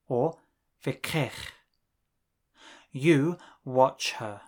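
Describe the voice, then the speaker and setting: A man narrating a scripted language lesson, reading drill phrases in a measured way with pauses between them. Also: mid-range voice. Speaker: language teacher.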